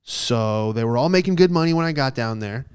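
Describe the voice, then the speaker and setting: Young male podcast host, mid-pitched, smooth clear voice, loose profane anecdote style. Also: lively intonation, fairly quick. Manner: rambling, profane, heavy on fillers. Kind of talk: casual comic storytelling.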